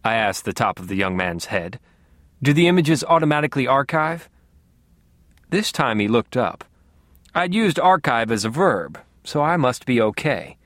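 A man reading a first-person story aloud with a dry, wry edge. His pitch moves a lot and the recording is close and dry, with no room sound. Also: very animated, moderate pace, fairly bright tone, no room sound. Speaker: narrator. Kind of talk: first-person audiobook narration.

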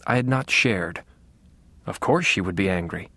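A man's voice: sits low, normal speed, sharp tone, dry recording. A man narrating an audiobook in the first person with a dry, wry, understated delivery.

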